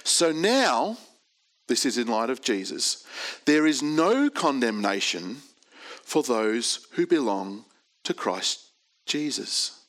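A male preacher delivering a sermon at an unhurried, measured pace. His voice sits at an ordinary middle pitch as he reads scripture and leans hard on key words. The delivery is deliberate and earnest. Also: very animated, a bit bright.

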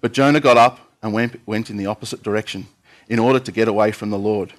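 A man's voice: fairly low pitch, fast. Man preaching a sermon. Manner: steady reading with occasional fillers. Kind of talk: sermon reading scripture aloud.

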